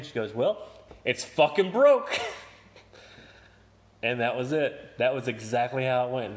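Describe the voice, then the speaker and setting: Young man, casual podcast storyteller, profane and laughing, acts out the other voices. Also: mid-range voice.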